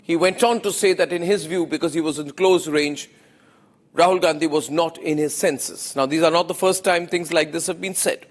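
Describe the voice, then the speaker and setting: A man's voice: fairly high pitch, fairly even intonation, moderate pace, in a large hall. A man with an Indian English accent, delivering an opinionated TV news monologue as anchor, emphatic and repeating phrases for effect.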